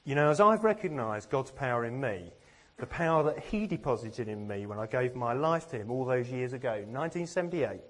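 A man's voice: mid-range voice, lively intonation, fairly quick, few pauses. A man from England giving a sermon, earnest and self-deprecating, with plenty of rhetorical questions. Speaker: preacher.

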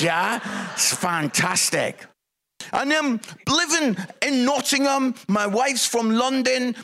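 A man's voice: very high voice, creaky, bright, forceful tone. A middle-aged Scottish man preaching in a chatty, self-mocking way, telling funny stories that build to punchlines. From Scotland. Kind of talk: humorous storytelling sermon.

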